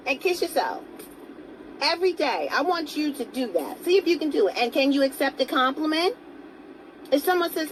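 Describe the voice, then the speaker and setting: A woman with a fairly high voice talks straight to her viewers in a motivational vlog. She sounds earnest and coaxing and keeps asking them pointed questions. Faint traffic hums in the background. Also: very animated, normal speed, low-quality recording. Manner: greets viewers by name mid-talk. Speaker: self-help vlogger. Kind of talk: motivational talk to camera.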